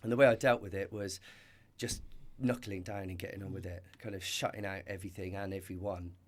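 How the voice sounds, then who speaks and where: Earnest, reflective man with a lowish voice. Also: fairly even intonation, brisk, a little hiss or hum. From Britain. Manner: earnest and reflective, with many restarts and "you know". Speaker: podcast guest. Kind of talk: storytelling in a conversational interview.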